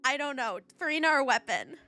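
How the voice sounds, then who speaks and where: A woman streaming a game live, talking straight to her chat in a high, bright voice. She is excitable and quick to squeal with joy. Faint game music plays under her voice.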